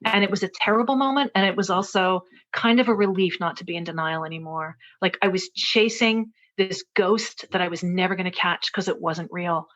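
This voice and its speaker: A woman's voice: on the low side, fairly quick, hardly any pauses, a bit bright. Earnest woman telling a story, muffled audio. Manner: earnest, thinks aloud with many fillers and restarts. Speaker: author and interview guest. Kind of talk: reflective personal storytelling. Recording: dull, lo-fi interview audio.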